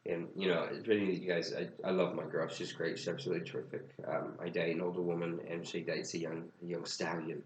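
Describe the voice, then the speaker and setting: A man's voice: low-pitched, little pitch movement, fast, few pauses, echoey room, low-quality recording. A young man co-hosting a casual podcast, telling funny stories and acting out what people said, often breaking into laughter. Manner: laughing storyteller, acts out quotes. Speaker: podcast co-host. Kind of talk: casual chat.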